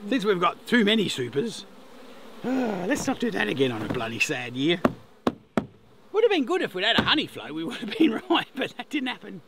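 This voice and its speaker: A man's voice: high voice, wildly swooping pitch, fairly quick. Chatty Australian man over buzzing bees. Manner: chatty, chuckling asides. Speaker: beekeeper vlogger. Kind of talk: casual hands-on commentary while working. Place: outdoors at beehives. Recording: outdoor camera mic, noticeable ambient noise. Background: buzzing bees and insects.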